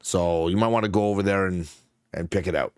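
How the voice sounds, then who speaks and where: Dude voicing a wry grumbly mentor guy, offhand and rambly, kinda low voice, dry sound. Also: steady tone, fairly quick, dry recording, natural voice.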